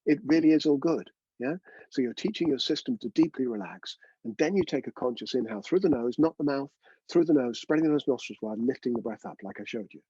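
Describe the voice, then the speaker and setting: A man's voice: mid-range voice, expressive, brisk, warm tone, husky, no echo, dull audio. A man teaching a live online breathwork class, chatty and coaching, often checking in with his students.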